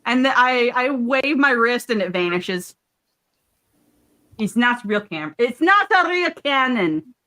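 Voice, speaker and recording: A woman's voice: a little high, very animated, takes it slowly, pushed and bright. A woman explaining her character's actions as a player in a tabletop game. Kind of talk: casual chat.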